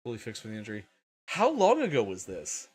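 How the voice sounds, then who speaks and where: A man's voice: fairly low pitch, huge pitch swings, a little fast, breathy edge. A man hosting a casual livestream, sleepy and tired, swearing often and laughing a lot. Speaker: livestream host.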